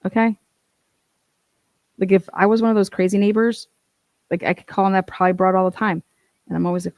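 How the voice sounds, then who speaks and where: A woman's voice: mid-range voice, fairly even intonation, brisk, pauses often, a little mellow, dry recording. Blunt, profane woman ranting in a dry room. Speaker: true-crime commentator. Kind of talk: casual commentary.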